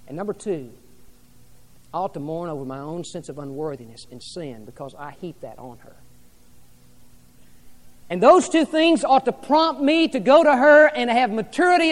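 A male pastor preaching a sermon to a congregation, rising loud and dropping soft by turns. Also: high voice, long reverb tail. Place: church hall with an audience.

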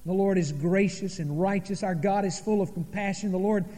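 A man preaching a sermon in a church, with dramatic pauses and sudden drops to a hush. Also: high voice, big-room sound. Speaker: pastor. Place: church sanctuary.

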